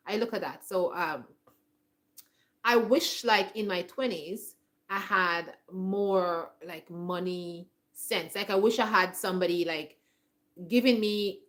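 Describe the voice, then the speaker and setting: Talking a little slowly in a mid-range, somewhat bright voice, a homestead vlogger in her forties reflects casually on camera. She meanders, often restarting her sentences and leaning on "like" as a filler.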